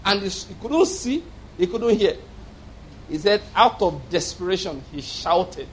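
A man's voice: high voice, animated, moderate pace, slight background noise, poor audio. A man preaching a sermon in an emphatic storytelling manner, often chuckling as he makes his points.

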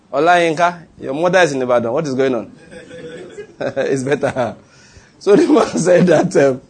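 A man's voice: fairly high pitch, breathy edge. A man with a Nigerian accent preaching a sermon, telling stories with frequent laughs and questions to his congregation. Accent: Nigerian English. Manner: animated, laughs often, asks the audience questions. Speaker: pastor. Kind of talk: sermon storytelling.

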